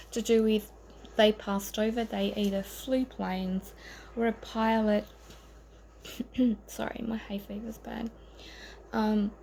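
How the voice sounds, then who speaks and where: A woman's voice: medium pitch, gravelly, warm tone, slight background noise, low-quality recording. A woman giving an informal tarot reading to camera, earnest and rambling, with frequent ums and self-corrections. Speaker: tarot reader.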